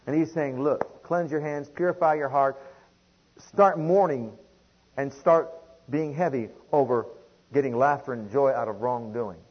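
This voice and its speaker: Husky man preaching a dynamic sermon. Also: medium pitch, unhurried, lo-fi sound. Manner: dynamic preaching, swings from quiet to loud, repeats phrases.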